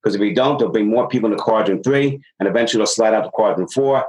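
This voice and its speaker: A man's voice: lowish voice, fast, low-quality recording. A middle-aged man, a sales consultant being interviewed, explaining ideas with energy and acting out dialogue from stories. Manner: energetic, acts out quoted dialogue. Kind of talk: interview podcast conversation.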